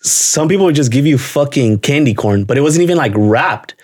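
A young man co-hosting a podcast in casual chat, reacting excitably and swearing often. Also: mid-range voice, a little fast. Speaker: podcast co-host.

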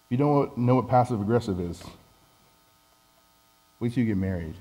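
A man's voice: mid-range voice, expressive, moderate pace, mellow, breathy edge, rough recording. A man preaching a conversational sermon, candid and self-deprecating as he talks with the congregation.

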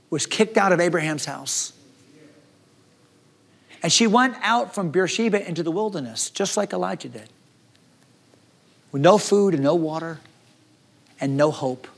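A man preaching a sermon as pastor, acting out the despairing words of the people in his story. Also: a little high. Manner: dramatic, acts out despairing voices.

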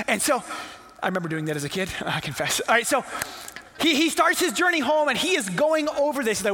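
Bright, high-voiced pastor in a hall. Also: male voice, expressive, fast. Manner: casual, playful, acts out characters. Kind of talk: storytelling sermon. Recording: long hall reverb.

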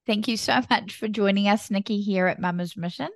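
A woman's voice: medium pitch, fairly quick, few pauses, dry recording. A woman hosting a podcast, bubbly and encouraging, speaking straight to her listeners on a close mic. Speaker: podcast host. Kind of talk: upbeat podcast intro and interview.

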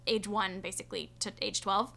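A woman's voice: mid-range voice, flat delivery, a little fast, vocal fry, sharp tone. A young woman co-hosting a podcast, telling a story in casual chat and rambling with fillers and asides. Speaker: podcast co-host.

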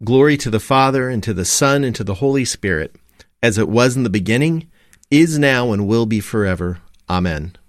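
A man reading morning prayer and scripture aloud in a measured, steady recitation. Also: medium pitch, no room sound, clean studio sound. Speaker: liturgy reader.

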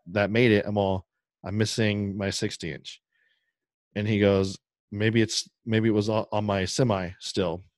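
This podcast co-host's voice is on the low side. In casual chat he tells a long, rambling, animated story, voicing the other people's dialogue as he goes, captured in a dry, studio-quality recording.

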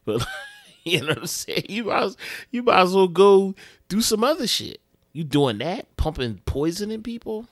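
A man's voice: high-pitched, sing-song, moderate pace, no echo, clean studio sound. A man co-hosting a podcast, rambling through stories in loose, profane street slang. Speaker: podcast co-host. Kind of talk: casual podcast chat.

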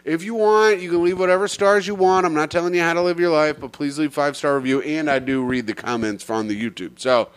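A man's voice: on the high side, fairly even intonation, fast talker, few pauses, clean tone. A man hosting a comedy podcast, crude and joking as he reads listener reviews aloud. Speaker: podcast host. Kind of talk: casual comedic chat.

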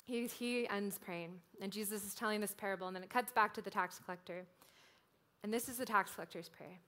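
A woman preaching a sermon in a casual, conversational way, often filling pauses with "like". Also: mid-range voice, fairly bright tone. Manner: conversational, frequent "like" fillers.

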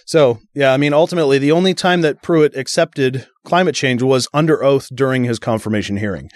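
A man's voice: medium pitch, fairly quick, dry recording. Sarcastic man reading news, dry sound. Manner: sarcastic, reads news aloud with jokes. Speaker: podcast co-host. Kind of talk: casual podcast banter.

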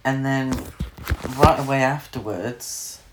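A man's voice: mid-range voice, slow pace, background noise. A man, casually chatting about a film as a podcast co-host, laughing often and swearing freely. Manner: sweary, laughs a lot, mimics characters. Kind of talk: casual chat. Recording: echoey room.

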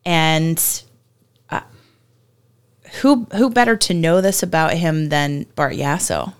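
A woman co-hosting a running podcast in casual chat, halting and full of short affirmations. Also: sits low, expressive, clean tone. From Florida. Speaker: podcast co-host.

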